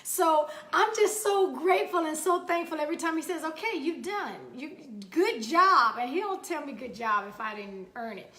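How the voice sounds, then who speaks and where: A woman hosting a talk show, telling stories in an animated, playful way and laughing often. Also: high-pitched, fairly quick, hardly any pauses, reverberant. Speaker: radio show host. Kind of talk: casual chat.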